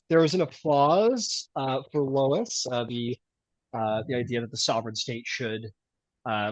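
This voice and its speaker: A man's voice: mid-range voice, dry recording. A man running a tabletop game as game master, talking in a chatty way with many fillers and laughs.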